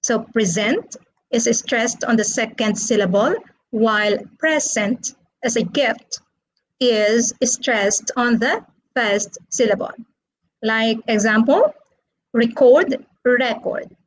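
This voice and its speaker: A woman teaching an English lesson, explaining slowly and patiently and repeating words for listeners to echo back. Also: fairly high pitch. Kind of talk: slow classroom explanation with repetition drills.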